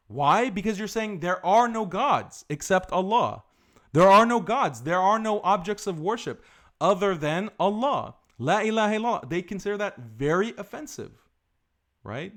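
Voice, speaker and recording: A man hosting a live stream and giving forceful commentary, often repeating his points for emphasis. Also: fairly high pitch. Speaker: host.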